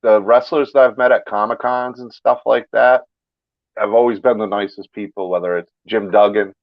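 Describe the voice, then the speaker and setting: A man hosting a casual chat, easygoing, trailing off and dropping soft at the ends of remarks. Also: lowish voice, fairly even intonation, moderate pace, no room sound, lo-fi sound. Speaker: host.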